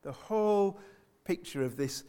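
A man delivers a church sermon in a fairly high voice. He speaks earnestly, circles back over his own phrases, and keeps checking in with the congregation through rhetorical questions. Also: animated, unhurried, warm tone, clean tone. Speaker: preacher.

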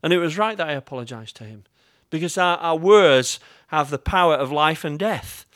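With lively intonation and a moderate pace, this English-accented preacher speaks straight to his congregation, joking at his own expense as he tells stories. His voice is on the high side and fairly bright, in clean, echo-free studio sound.

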